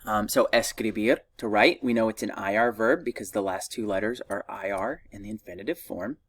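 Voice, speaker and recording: A man's voice: fairly low pitch, a little fast, husky, dry recording, recorded from a distance. A man teaching a recorded Spanish grammar lesson, patiently drilling verb conjugations for his students to repeat.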